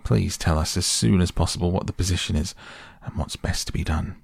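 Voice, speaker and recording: A man's voice: deep voice, fairly even intonation, brisk, gravelly, husky, no room sound, clean studio sound, full character voice. A man voicing a sensible, fretful male water rat in a storybook reading, earnest and pleading.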